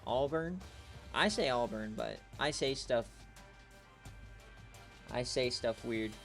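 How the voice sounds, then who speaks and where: Joking, excitable male game streamer. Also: medium pitch, slow, vocal fry, soft background music. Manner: joking, trash-talking, gets loud and excited at big plays. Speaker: online league host and streamer. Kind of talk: casual live-stream game commentary.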